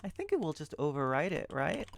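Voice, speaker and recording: A man's voice: on the high side, huge pitch swings, fairly quick, vocal fry, slight background noise. A man teaching assembly programming in a screen-recorded walkthrough, thinking aloud and correcting himself as he goes. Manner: thinking aloud, self-correcting, muttering asides. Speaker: programming tutor.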